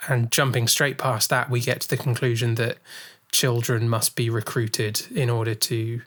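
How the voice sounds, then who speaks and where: A man's voice: mid-range voice, flat delivery, normal speed, a bit bright. A man co-hosting a film podcast, talking casually and thinking aloud with fillers and restarts. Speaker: podcast co-host.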